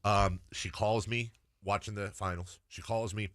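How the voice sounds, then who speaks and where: A man in his forties hosting a sports radio show, telling an animated story about his daughter in quick bursts. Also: fairly low pitch, no echo, studio quality. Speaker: radio host.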